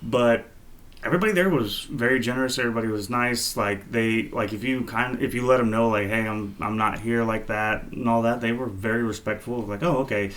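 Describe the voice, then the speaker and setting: A man co-hosting a podcast, telling stories in a relaxed, rambling way with lots of fillers. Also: mid-range voice, fairly quick. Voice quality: laid-back, rambling with many fillers. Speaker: podcast co-host. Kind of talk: casual storytelling chat.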